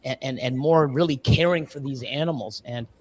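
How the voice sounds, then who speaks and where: A man on a livestream, a snake breeder, telling stories with lots of swearing and quick voiced quotes of other people. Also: medium pitch, darkish tone, a little hiss or hum. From Canada. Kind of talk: casual livestream chat.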